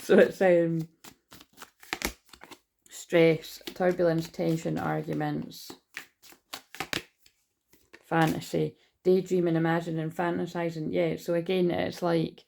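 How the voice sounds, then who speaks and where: Brief: gravelly-voiced woman, tarot reader, loose and rambling delivery, faint hiss underneath. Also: lowish voice, flat delivery, slow pace, long pauses, warm tone. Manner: rambling, swears freely, lists card meanings. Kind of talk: casual spoken tarot reading.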